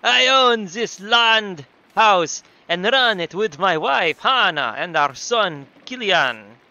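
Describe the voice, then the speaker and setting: A man voicing a loud middle-aged innkeeper with a mock New York accent, reading game dialogue in a booming, drawn-out way. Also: animated, highs cut off, heavily acted. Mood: hearty. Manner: booming, drawn-out, over-the-top.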